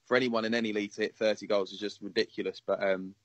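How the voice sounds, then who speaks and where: A man's voice: lowish voice, level tone, quick pace, noisy background. A man co-hosting a fan radio show, talking eagerly and at length. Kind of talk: casual chat.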